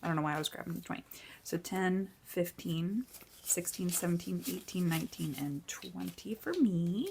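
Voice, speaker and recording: A woman's voice: on the low side, moderate pace, vocal fry, darkish tone, a little hiss or hum. A woman in her forties chatting casually and upbeat while she counts cash into budget envelopes, tired from little sleep. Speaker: budgeting vlogger.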